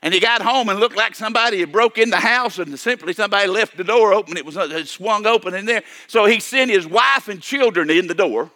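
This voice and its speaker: An older man delivers a sermon in a high, bright voice. He repeats himself, restarts phrases and keeps calling for amens. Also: brisk, hardly any pauses. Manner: repetitive, stammering restarts, calls for amen. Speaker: preacher.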